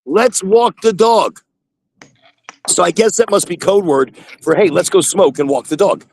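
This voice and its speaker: Man, host, casual live chat, rambling, repeats himself, phone in truck, gravelly, dry sound. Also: high voice, no room sound. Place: in his truck.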